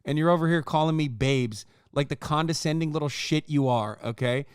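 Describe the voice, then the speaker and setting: A man's voice: on the high side, brisk, smooth, dry recording, clean studio sound. A man in his thirties ranting and joking sarcastically as he reacts to a video, swearing often. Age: 30s. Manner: profane, sarcastic, heated ranting. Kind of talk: casual reaction commentary.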